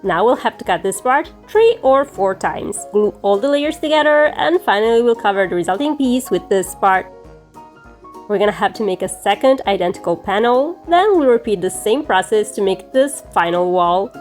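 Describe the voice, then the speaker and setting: Woman host, scripted how-to voice-over, mid pitch, friendly and methodical, faint music bed. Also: expressive, normal speed. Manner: friendly, clear step-by-step instructions. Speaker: crafting channel host.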